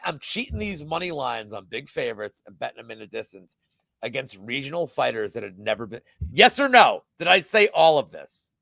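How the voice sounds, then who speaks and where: A man in his thirties on a casual livestream, talking about betting in animated, profane, boastful rants. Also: on the high side, creaky, dry recording. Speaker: sports betting guest.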